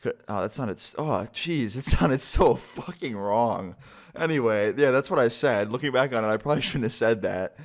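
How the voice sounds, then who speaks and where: A man's voice: medium pitch, animated, normal speed. A young man telling a casual, profane storytime to his viewers and acting out the quotes. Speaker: vlogger.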